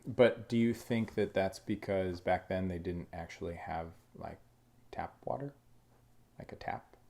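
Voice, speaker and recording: A man's voice: low voice, unhurried, creaky, darkish tone. Man, exaggerated put-on southern drawl, jokey, cusses a lot, casual podcast chat. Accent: put-on American Southern drawl. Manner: joking, swears freely. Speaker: podcast co-host.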